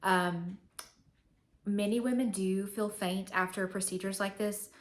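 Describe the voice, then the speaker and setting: A woman's voice: mid-range voice, fairly even intonation, measured pace. A young woman vlogging to camera, telling a personal story in a chatty, candid way with many fillers.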